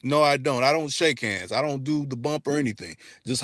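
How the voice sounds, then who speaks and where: A man with an African American English accent chats casually to his livestream audience, loose and profane, often restarting his sentences. His voice sits at an ordinary middle pitch. The sound is dry and close, with little room around it. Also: fairly quick, a bit bright, dry recording. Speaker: livestream host.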